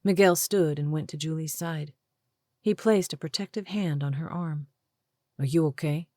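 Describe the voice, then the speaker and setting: A woman narrating a romance audiobook in a measured, even storytelling manner on a close mic. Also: deep voice, no room sound. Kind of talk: scripted narration.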